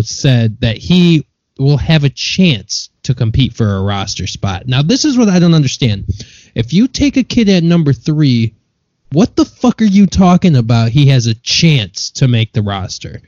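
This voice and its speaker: A man's voice: a little high, darkish tone, dry recording, highs cut off. A man co-hosting a casual sports podcast, blunt and exasperated, swearing as he vents. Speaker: podcast co-host.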